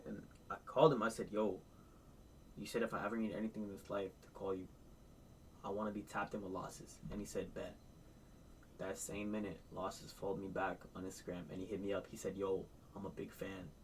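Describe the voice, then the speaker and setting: A man's voice: low-pitched, flat delivery, brisk, distant mic, slight background noise, rough recording. A man reacting to a music video, telling absurd made-up stories in a mock-sincere tone. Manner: tells outlandish tall tales in a mock-sincere tone.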